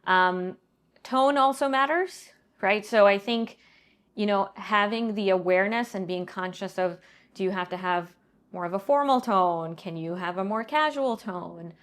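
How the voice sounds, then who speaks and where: A middle-aged woman answering interview questions in a measured, explanatory way, often pausing to check in with "right?". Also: medium pitch. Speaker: guest, banking leader and professor.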